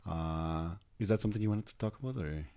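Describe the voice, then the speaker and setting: A man's voice: low voice, quick pace, dark tone. A man from Mexico hosting a podcast, chatting casually and prompting his guest with questions. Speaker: podcast host. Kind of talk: casual interview chat.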